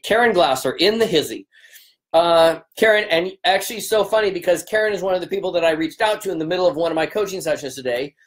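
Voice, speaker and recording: This man's high, animated voice moves fast as he, a business coach, casually greets livestream viewers by name with upbeat, rambling chatter. After a long day of talking, his voice sounds strained and keeps cracking.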